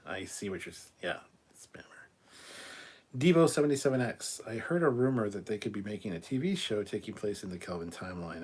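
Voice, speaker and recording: Husky, blunt livestream host, a man. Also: fairly low pitch. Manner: blunt and profane, with quick asides. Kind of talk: casual live chat, reading viewer comments aloud.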